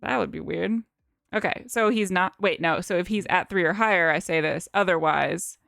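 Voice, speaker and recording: A woman's voice: fairly low pitch, normal speed, vocal fry, fairly bright tone. A woman co-player on a live stream, reading story text and chatting playfully.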